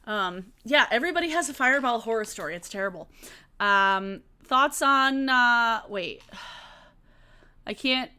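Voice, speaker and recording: A woman's voice: on the high side, animated, unhurried, sharp tone, clear, resonant tone. A young woman hosting a casual live-stream Q&A, chatty and laughing often, swearing casually as she answers chat questions.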